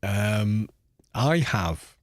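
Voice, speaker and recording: A gaming streamer from Britain, a man in his forties, talks in a lowish, animated voice with drawn-out words and no echo. His casual in-game chat rambles and muses, full of restarts.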